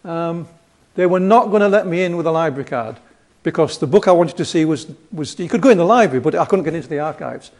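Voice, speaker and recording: A man's voice: on the high side, animated, quick pace. A man with a Yorkshire accent giving a casual lecture over slides, rambling and chatty with self-deprecating humor.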